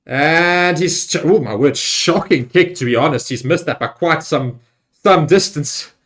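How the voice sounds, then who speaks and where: Excitable man calling rugby. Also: unhurried. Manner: excitable, pitch jumps on big plays; rambling with fillers and restarts. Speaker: livestream host. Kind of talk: live match watchalong commentary.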